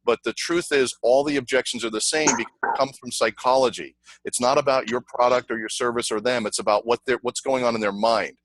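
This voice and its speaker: A middle-aged man presenting a sales training over a video call, energetic and conversational, repeating himself and telling stories. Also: mid-range voice, a little fast, few pauses, a little hiss or hum, poor audio. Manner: energetic, repetitive, conversational teaching with anecdotes. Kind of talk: online webinar presentation.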